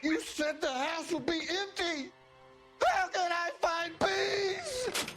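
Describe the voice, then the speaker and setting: Tortured arsonist in a crime game, high cracking pleading voice, swings all over, music behind. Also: male voice, animated, slow, heavily acted. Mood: anguished. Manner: pleading, anguished, repeating himself. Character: tormented guilt-ridden male arsonist patient.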